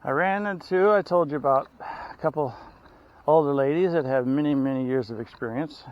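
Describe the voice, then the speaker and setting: Guy rambling out on the trail, giving hiking tips, keeps restarting his sentences, slightly high voice, kinda dull lo-fi sound. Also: normal speed. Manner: rambling, self-correcting, chatty. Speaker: hiker vlogger. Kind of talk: casual trail vlog, explaining tips.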